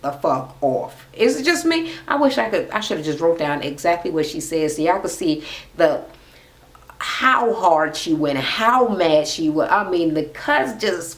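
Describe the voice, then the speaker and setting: A woman's voice: on the low side, sing-song, unhurried. A woman casually chatting through a reality TV recap in a gossipy, profane manner.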